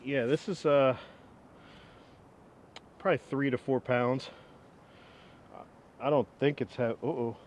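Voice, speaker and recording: A man's voice: takes it slowly, long pauses. A young man in his twenties chatting casually outdoors as he works with an old axe, rambling and poking fun at himself. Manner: rambling, self-mocking, chuckles often. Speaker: woodworking vlogger. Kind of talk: casual outdoor demo chat. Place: outdoors in the wind. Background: wind rumble.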